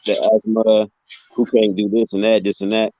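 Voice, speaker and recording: A man's voice: on the low side, monotone, moderate pace, dark tone. A man in casual chat, reacting and interjecting, sometimes searching for his words.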